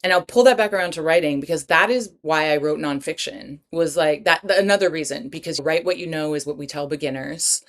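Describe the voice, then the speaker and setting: Woman in her 40s, podcast guest, low voice, candid and animated, replays her own past lines. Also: a little fast, few pauses. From Los Angeles area, United States. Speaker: podcast guest, writer and breathwork teacher. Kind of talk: candid storytelling in a podcast interview.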